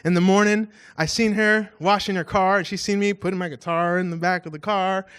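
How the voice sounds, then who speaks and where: A man pastor giving a casual storytelling sermon, animated and self-mocking, acting out voices in his stories. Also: high voice, clear, resonant tone.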